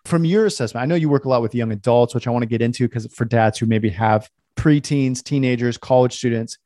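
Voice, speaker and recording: A man's voice: mid-range voice, brisk, dark tone, dry recording. An enthusiastic man hosts a casual podcast interview and laughs easily. His voice sits mid-range, and the recording is dry and close. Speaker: podcast host. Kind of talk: conversational interview.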